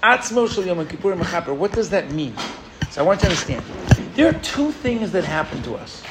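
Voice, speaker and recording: Against a noisy background, a rabbi from New York with a high, brisk voice gives a sermon on a rooftop. He engages the crowd with "right?" as he tells his stories in an animated way.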